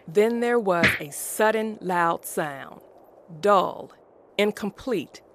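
A woman reading a classic story aloud as narrator, in a slow, deliberate way. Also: mid-range voice, expressive, music in the background.

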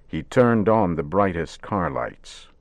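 A man narrating a radio story in measured, simple wording. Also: low voice, expressive, no echo.

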